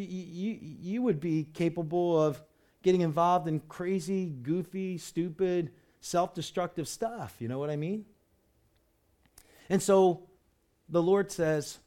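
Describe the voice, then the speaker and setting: A man's voice: on the high side, expressive, a little slow, warm tone. A man preaching a sermon in a conversational way, full of rhetorical questions, restarts and "you know". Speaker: pastor.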